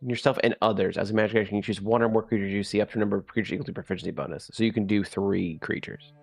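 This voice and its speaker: A man narrating as game master of a tabletop game, animated and quick to laugh. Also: on the low side, vocal fry.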